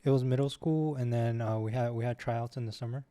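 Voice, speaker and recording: A man's voice: mid-range voice, steady tone, brisk, warm tone, no room sound. A man in his twenties, a guest on a casual podcast, talking in an easygoing, laid-back way. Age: 20s.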